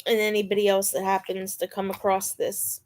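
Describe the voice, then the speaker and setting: A woman's voice: mid-range voice, monotone, fairly quick, darkish tone. A woman hosting a casual live chat, chatting to viewers and cooing to her dog between laughs. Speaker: live stream host.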